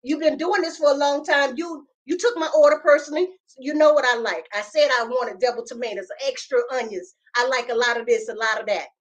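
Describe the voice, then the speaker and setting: A woman's voice: sits high, fairly quick, hardly any pauses. A woman co-hosting a podcast, telling a story in casual chat with emphatic, indignant repetition. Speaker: podcast co-host.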